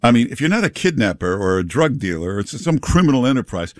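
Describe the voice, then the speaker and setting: A man's voice: medium pitch, fast, few pauses, no room sound, studio quality. A male talk radio host chatting with callers and guests in a sarcastic, mocking way. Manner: sarcastic, mocking, lively delivery. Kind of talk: casual talk radio banter. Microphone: studio microphone.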